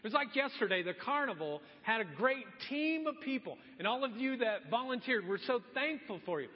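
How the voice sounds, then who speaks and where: A very high-pitched man preaching in a church sanctuary, chatty and animated as he plays out little scenes. His voice rings with a long hall echo, and the recording sounds muffled. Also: brisk. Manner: animated, conversational preaching with acted-out quotes. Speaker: pastor. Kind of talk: sermon.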